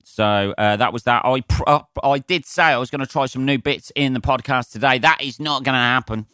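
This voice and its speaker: A man's voice: mid-range voice, fairly quick, bright, forceful tone, clean tone, no echo, clean studio sound. A man from England, a comedian, rambling through a casual solo podcast, swearing freely and poking fun at himself. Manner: sweary, rambling, self-mocking.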